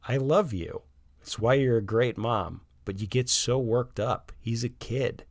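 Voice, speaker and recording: A man's voice: mid-range voice, unhurried, vocal fry, no echo, clean studio sound, voice pushed up. A man voicing a cheerful, teasing suburban father who works in animation. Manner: playful, teasing.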